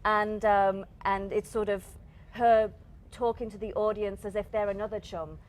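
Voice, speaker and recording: A young stage actress from England with a Northern English accent chats as a guest on a casual TV interview, laughing often and restarting her sentences. Her mid-range voice moves at normal speed with fairly even intonation.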